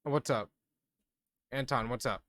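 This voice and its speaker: A game master running a tabletop game in a casual, excitable way, with loud outbursts and laughter. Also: medium pitch, unhurried, no room sound. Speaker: dungeon master. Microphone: streaming microphone.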